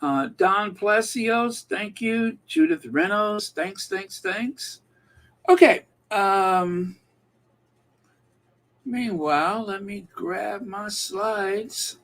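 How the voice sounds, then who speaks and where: A man hosting a live stream, greeting viewers and chatting casually with plenty of pauses and filler words. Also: high-pitched, a bit bright. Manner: unhurried, chatty, many um and uh fillers.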